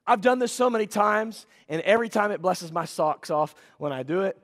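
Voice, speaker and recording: A man's voice: high-pitched, lively intonation, brisk, fairly bright tone. A male pastor preaching a sermon in a church sanctuary, bantering playfully with the congregation. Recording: reverberant church hall.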